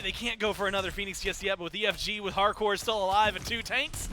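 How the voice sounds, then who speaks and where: A man giving excitable play-by-play commentary on an esports match, his voice climbing on the big plays. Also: sits high, quick pace, few pauses, a little hiss or hum. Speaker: esports caster.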